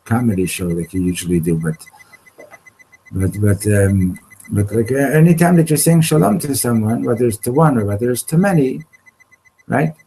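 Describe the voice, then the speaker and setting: A man leading an informal Torah class, halting and restarting often, slipping Hebrew terms into his English. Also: medium pitch, creaky, warm tone, slightly rough, poor audio. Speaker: Torah teacher. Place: study hall classroom.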